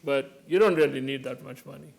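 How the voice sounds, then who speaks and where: A man's voice: mid-range voice, fairly quick, vocal fry, a little mellow. A man giving a keynote lecture, telling anecdotes and jokes and laughing along with them. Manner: jokey storytelling, laughs along. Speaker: keynote speaker. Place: lecture hall.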